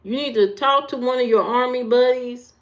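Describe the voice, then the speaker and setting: With a slightly high voice at a normal pace, a Midwestern livestream host keeps up casual chatter with her audience. She tends to repeat herself, responds to comments, and speaks to people in chat by name.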